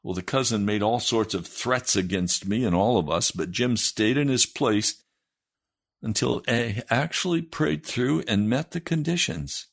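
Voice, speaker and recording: A man's voice: medium pitch, measured pace, vocal fry. A man, a pastor, reading a story aloud in a sermon, raising his voice for the quoted lines.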